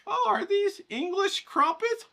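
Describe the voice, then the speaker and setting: A fawning middle-aged mom gushes in a very high, drawn-out falsetto, as a man puts her on. Her tone is bright and sharp, and her slow, breathy phrases stretch each word. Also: heavily acted. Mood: gushing. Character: gushing, fawning middle-aged mother, woman.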